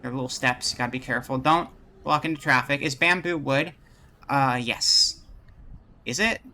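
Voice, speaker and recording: A man live-streaming at a desk mic, rambling and joking as he thinks aloud. His voice is bright and forward, at an ordinary middle pitch. He keeps breaking off to welcome viewers by name. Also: normal speed. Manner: greets viewers in chat. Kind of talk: casual live-stream chat.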